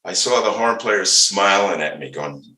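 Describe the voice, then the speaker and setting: An outspoken older man rambles through stories, restarting his sentences as he goes. His low voice is bright and forceful. The sound carries a roomy echo. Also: animated, moderate pace. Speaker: interview guest, bass player. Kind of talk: casual interview storytelling.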